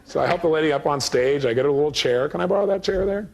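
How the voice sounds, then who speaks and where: A man telling a story at a live motivational seminar in a rapid, driving delivery. His voice is husky and sits a little high for a man. He animates the tale by acting out both sides of each exchange.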